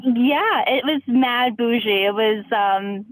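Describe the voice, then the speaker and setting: A young woman calling in to a podcast, telling a long story in an animated, chatty way with plenty of fillers. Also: a little high, slow pace, no echo, poor audio. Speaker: caller. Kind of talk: casual storytelling.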